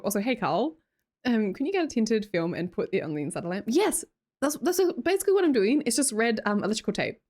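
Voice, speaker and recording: A young Australian woman chatting casually on a livestream, bubbly and quick to laugh, answering chat as she goes. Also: on the high side, big pitch swings, a little mellow. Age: young adult. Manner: bubbly, laughs often, reads chat aloud.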